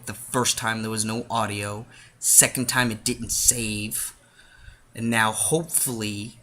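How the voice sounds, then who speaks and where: Rambling low-voiced man telling a story. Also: fairly bright tone, a little hiss or hum. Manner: rambling, self-interrupting, chatty. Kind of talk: casual story time vlog.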